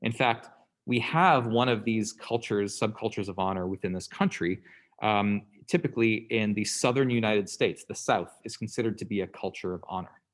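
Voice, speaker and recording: A man's voice: on the low side, normal speed. A man lecturing a class in a conversational way, often checking in with "okay?" and "right?" and briefly acting out the people in his examples. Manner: acts out quoted people in passing.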